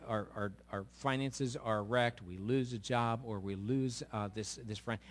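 A male pastor giving a sermon in a conversational, storytelling way with emphatic asides. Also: medium pitch.

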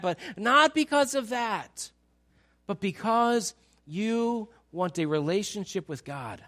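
A male pastor preaching a sermon, pleading with rhetorical questions that rise for emphasis and then drop soft. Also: high-pitched, expressive, measured pace.

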